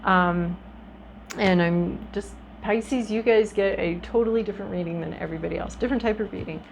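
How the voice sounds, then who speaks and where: A woman's voice: mid-range voice, brisk, vocal fry, a little hiss or hum, low-quality recording. A woman giving a casual tarot reading to her viewers, talking in a chatty, reflective way with frequent ums and restarts. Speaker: tarot reader.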